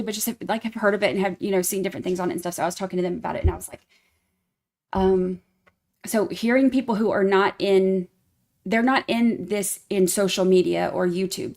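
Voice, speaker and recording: A woman hosting a casual true crime livestream, greeting members by name in a singsong tone and rambling with fillers and restarts. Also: medium pitch.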